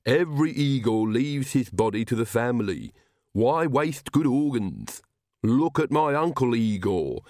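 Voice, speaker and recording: A man voicing an earnest, stitched-together male castle servant with a low mumble. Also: a little mellow, no echo, studio quality, natural voice.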